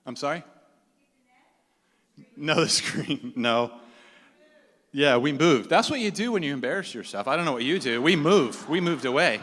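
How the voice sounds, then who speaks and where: A middle-aged man telling a self-mocking comic story live, animated and laughing along. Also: on the high side, moderate pace, pauses often. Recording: echoey hall, faint room noise.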